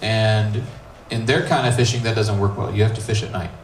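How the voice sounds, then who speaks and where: Youth pastor preaching in an echoey room. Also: male voice, fairly low pitch, brisk, a little hiss or hum. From United States. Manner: animated storytelling, acting out dialogue with casual asides. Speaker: middle school pastor. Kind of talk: youth sermon. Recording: echoey room, mic at a distance, faint ambience.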